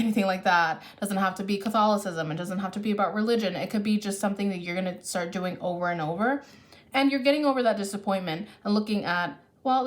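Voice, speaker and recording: A woman giving a casual tarot reading who thinks aloud and corrects herself as she goes, caffeinated. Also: mid-range voice. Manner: chatty, thinks aloud, restarts and self-corrects. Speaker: tarot reader.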